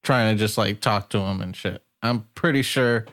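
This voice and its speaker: A man's voice: lowish voice, normal speed, fairly bright tone. A young man in casual chat, telling teasing stories in a laid-back way.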